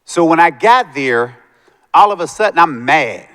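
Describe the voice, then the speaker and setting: A man's voice: on the high side, animated, a little slow, fairly bright tone, clear, resonant tone. A man giving a motivational talk to students, telling his life story and acting out the voices of the people in it. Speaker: motivational speaker. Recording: long hall reverb.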